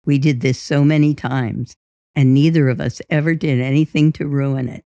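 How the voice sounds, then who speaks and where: A woman reading a first-person memoir aloud in a steady, unhurried way. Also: extremely low pitch, no room sound. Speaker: audiobook reader. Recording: dull, dry.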